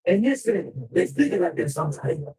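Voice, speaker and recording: A man's voice: sits high, big pitch swings, brisk, a little mellow, rough recording. A man telling a rambling story in casual talk, in loose, slangy street speech with frequent swearing.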